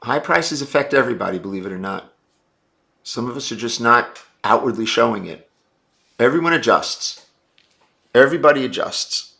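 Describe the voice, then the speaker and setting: A man's voice: mid-range voice, a little fast, gravelly, sharp tone. A man hosting a casual live stream, answering viewer chat in a blunt, brash and profane way.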